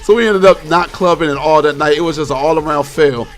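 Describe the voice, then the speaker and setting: A young man hosting his vlog, telling a story in a casual, slang-heavy, animated way. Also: on the high side, fast, faint music behind. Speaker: vlog host.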